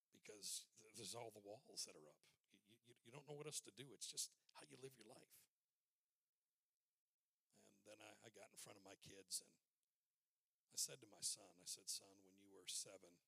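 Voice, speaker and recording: Older male preacher, gravelly and bright tone, dry close sound, earnest storytelling sermon. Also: deep voice, dry recording.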